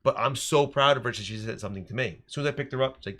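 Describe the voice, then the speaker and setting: Animated man telling classroom stories. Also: mid-range voice, rapid-fire. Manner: animated storytelling, frequent restarts. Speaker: teacher and podcast co-host. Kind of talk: casual podcast discussion.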